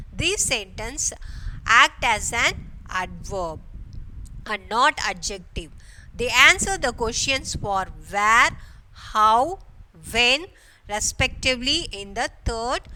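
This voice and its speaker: A woman's voice: on the high side, sharp tone, a little hiss or hum, rough recording. A woman teacher giving a grammar lesson to schoolchildren, repeating each phrase and checking in with a frequent "okay".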